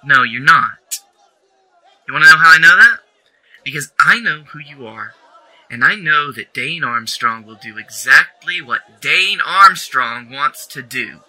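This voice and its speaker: A man's voice: a little high, expressive, a little slow, pushed and bright, some chatter behind, rough recording. A man acting in an audio drama, angry, clipped and stern.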